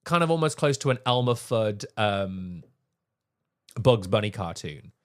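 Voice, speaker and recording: A man's voice: on the low side, lively intonation, unhurried. A man, co-hosting a podcast in casual chat. He talks with enthusiasm, laughs often and swears freely. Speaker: podcast co-host.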